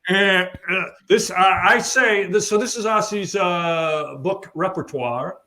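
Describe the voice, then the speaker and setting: A man from Kentucky with a Kentucky accent, a podcast host chatting casually in a halting way. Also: high-pitched, bright, forceful tone. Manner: halting, many fillers and restarts.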